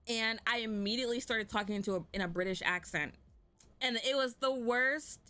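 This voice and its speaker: A woman hosting an online comedy panel in casual chat, talking fast and loose with lots of fillers and laughs. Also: a little high, sharp tone. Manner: chatty, laughs often, many "like" fillers. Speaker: panel host.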